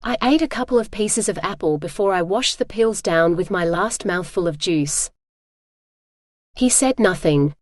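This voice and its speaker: A woman's synthetic voice reading a first-person audiobook narration in an even, steady way. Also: medium pitch, normal speed, no room sound, studio quality.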